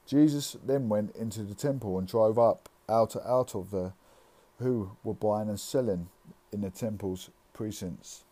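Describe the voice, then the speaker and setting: A man reading scripture aloud, halting, with frequent slips and restarts. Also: lowish voice, mellow. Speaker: scripture reader.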